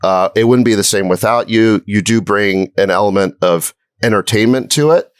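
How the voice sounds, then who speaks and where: A man's voice: fairly low pitch, smooth, no echo. Sarcastic male podcast co-host, dry sound. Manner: needling, sarcastic, measured. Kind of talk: heated podcast argument.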